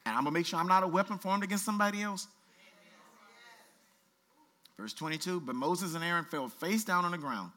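A man pastor preaching a sermon, reading scripture aloud with colloquial asides and lively exhortation. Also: high voice, fast. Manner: animated preaching, reads scripture aloud with asides and playful voices.

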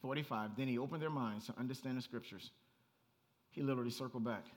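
A man preaching a sermon as pastor, animated and conversational, rising to near-shouts and breaking into laughing asides. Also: medium pitch, quick pace.

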